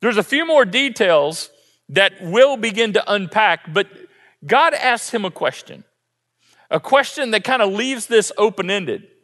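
A man preaching a sermon as pastor, telling a story with lively, acted-out quotes. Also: sits high, measured pace, in a large hall. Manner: animated storytelling, acts out quotes. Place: church sanctuary.

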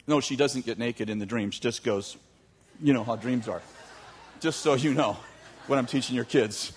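A man telling a long story in a sermon, animated, with joking asides to his audience. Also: mid-range voice, normal speed, husky. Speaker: youth teacher.

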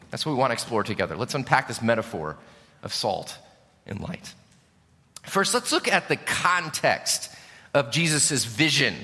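A man from Chicago preaching a sermon as pastor, emphatic, lifting key lines and dropping low at the ends. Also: sharp tone, long reverb tail.

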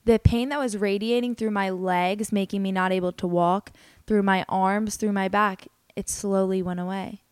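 A woman's voice: medium pitch, steady tone, normal speed, clean tone, no echo. A young adult woman hosting a podcast, telling a personal story in an earnest, candid, emotional way, with many "like" fillers. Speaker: podcast host.

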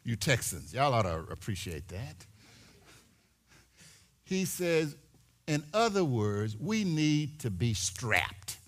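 A man preaching a sermon in a church, animated, building to shouts and repeating his words. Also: medium pitch, slow, long pauses. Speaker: pastor.

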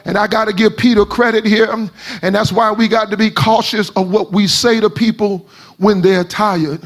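A man preaches a sermon. He shouts and half-sings his lines as they climb in pitch. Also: steady tone, moderate pace.

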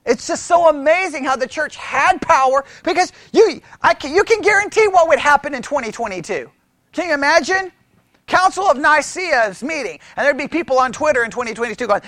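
A pastor teaching church history as a sermon-style lecture, animated, asking the room questions and often restarting his words. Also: extremely high pitch, a little fast, no echo. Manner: animated, asks the room questions, mimics critics.

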